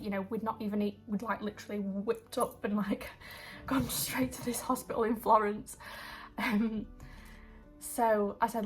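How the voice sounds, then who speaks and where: A woman's voice: mid-range voice, flat delivery, normal speed, soft background music. A young woman, vlogging in a rambling, emotional, casual way with lots of fillers. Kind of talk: casual chat.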